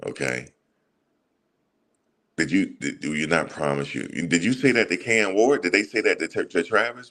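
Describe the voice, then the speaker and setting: A man's voice: low-pitched, lively intonation, moderate pace, a bit bright. A man hosting a sports channel, ranting heatedly and profanely in a casual monologue, repeating himself as he goes. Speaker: sports commentary channel host.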